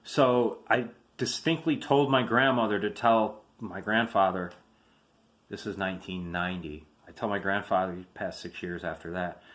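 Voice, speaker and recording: A man's voice: sits low, normal speed, a bit bright. A man in his fifties, an army veteran, telling family military stories in a casual, rambling vlog full of fillers and restarts.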